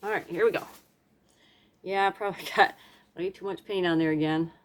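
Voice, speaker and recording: A woman talks her way through a messy craft project in a relaxed, chatty voice. She pokes fun at herself and tosses in little hums and silly sound effects as she works at her table at home. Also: lowish voice, fairly quick. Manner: chatty, self-deprecating, hums and makes playful sound effects. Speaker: craft vlogger. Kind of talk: casual narration while painting.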